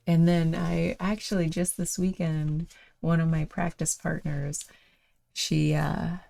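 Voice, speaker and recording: A woman with a low, mellow voice and a gravelly edge talks through a reflection at her own pace. She meanders, leans on fillers and breaks into soft laughs. It sounds like a casual spoken reflection by the host of a daily show. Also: level tone, slow.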